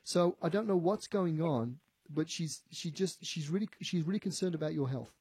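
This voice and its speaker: A man working as a psychic medium on the radio, animated, often repeating himself and quoting what a spirit tells him. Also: a little high, moderate pace, breathy edge, dry recording. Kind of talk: on-air psychic reading. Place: radio studio.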